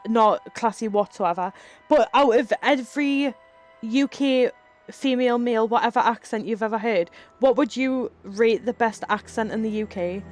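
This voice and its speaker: Chatty Geordie woman streaming live. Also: on the high side. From Northeast England. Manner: chatty, reads chat aloud, swears casually, laughs often. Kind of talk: casual live-stream chat with viewers.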